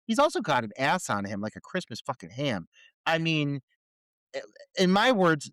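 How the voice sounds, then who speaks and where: An animated man co-hosting a film podcast, his pitch a touch high and swinging widely as he riffs. He swears freely and jokes wryly. The sound is dry and close. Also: dry recording. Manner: animated, profane, wry. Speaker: podcast co-host. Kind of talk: casual film review chat.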